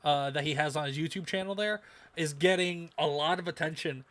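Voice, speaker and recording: A man co-hosting a casual livestream podcast, animated and repeating phrases for emphasis. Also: on the high side, a little fast. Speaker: podcast co-host.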